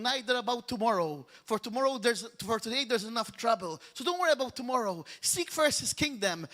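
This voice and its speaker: A male pastor from Malta preaching a fervent sermon, driving his points home with repeated exhortations. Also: extremely high pitch. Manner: rises into loud, half-sung declarations.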